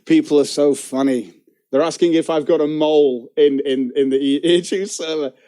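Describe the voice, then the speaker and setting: A man's voice: fairly high pitch, fairly even intonation, moderate pace, mellow. A man streaming live and commenting casually in a profane, giggly, mocking way.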